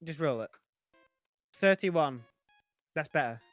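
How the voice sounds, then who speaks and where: A man playing a tabletop role-play game, excitable and playful, jumping into character. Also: on the high side, slow, dry recording, soft background music. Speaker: player, podcast host.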